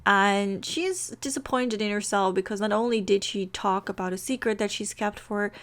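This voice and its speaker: A woman's voice: medium pitch, normal speed, fairly bright tone. Brief: woman storyteller, casual and rambling, narrating her game characters' drama. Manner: rambling, full of fillers. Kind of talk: casual storytelling over gameplay.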